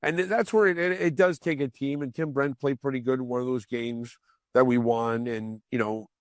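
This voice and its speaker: A man in his forties, a former hockey player guesting on a podcast, telling rowdy stories in a casual, heavily profane way and loudly acting out the lines of other people. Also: medium pitch, moderate pace, no room sound, clean studio sound. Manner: profane, animated, acts out quoted lines loudly.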